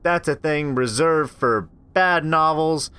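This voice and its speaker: A man voicing a defiant, sharp-tongued young woman in a game, speaking in a raised sarcastic tone. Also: fairly high pitch, slow pace, clear, resonant tone, pitched above the performer's own voice.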